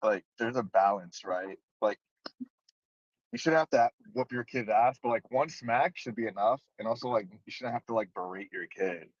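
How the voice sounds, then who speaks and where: A man's voice: fairly low pitch, moderate pace, no echo. A man in casual podcast chat, emphatic and profane, telling stories with animation. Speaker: podcast co-host. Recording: dull, dry lo-fi audio.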